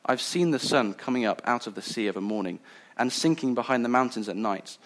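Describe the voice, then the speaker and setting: A man's voice: medium pitch, brisk, a bit bright, close to an everyday voice. A man reading aloud as a stubborn male marsh creature who defiantly insists on what he knows.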